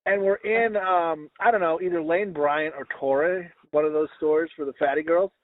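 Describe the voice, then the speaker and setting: A man co-hosts a podcast, telling rambling, crude, self-mocking stories in casual chat at normal speed with fairly even intonation. He acts out what people said, voicing the quotes in a high pitch. The audio is dry and lo-fi, phone-like, with no room sound.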